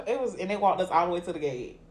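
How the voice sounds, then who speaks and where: A young woman podcast co-host, telling an animated, profane story in casual chat and laughing often. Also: fairly low pitch. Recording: echoey room with faint ambient noise.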